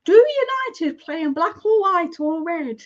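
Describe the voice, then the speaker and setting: A woman putting on the voice of a clueless older male club owner, slow and puzzled, in a mocking impression. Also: very high-pitched, lo-fi sound, pitched above the performer's own voice.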